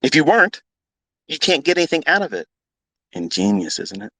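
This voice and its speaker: A man's voice: a little high, big pitch swings, fairly quick, pauses often, pushed and bright, dry recording, rough recording. A man teaching trading as a mentor, ranting bluntly with heavy swearing and repetition. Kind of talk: unscripted profane rant.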